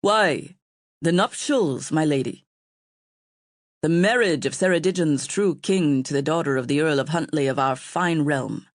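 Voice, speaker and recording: A woman's voice: low-pitched, unhurried, no echo, clean studio sound. A woman voicing a tall bearded nobleman with a thick accent, grand and formal in his welcome.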